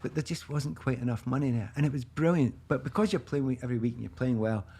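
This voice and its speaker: Husky glasgow guy in his 50s, chatty storyteller, full of laughs. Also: medium pitch, fast talker. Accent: Glaswegian Scottish. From Scotland, east end of Glasgow. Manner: animated anecdotes, acts out quoted voices, laughs often. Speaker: guest, former footballer. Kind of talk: casual storytelling chat.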